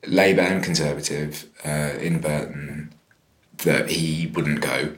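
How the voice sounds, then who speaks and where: A man's voice: a bass voice, fairly even intonation, slow, fairly bright tone, roomy sound. A man giving frank interview commentary, hesitating often with fillers.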